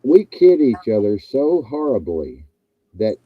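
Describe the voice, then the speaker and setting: A man's voice: medium pitch, very animated, takes it slowly, dry recording, lo-fi sound. A man hosting a casual chat, rambling and joking and repeating himself. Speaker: host.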